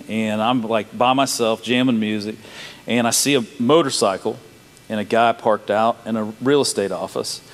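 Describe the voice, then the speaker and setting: Man, 40s, folksy emotional storyteller, long hall reverb. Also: mid-range voice. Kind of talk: personal testimony told to a live audience.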